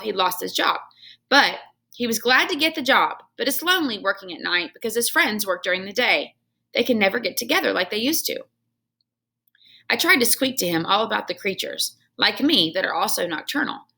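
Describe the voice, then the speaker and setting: A woman reading a children's book aloud at home. Her telling is expressive, with a lively rise and fall, a bright tone and a gravelly texture. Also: mid-range voice, moderate pace. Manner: expressive storytelling with home asides to her son. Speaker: reader.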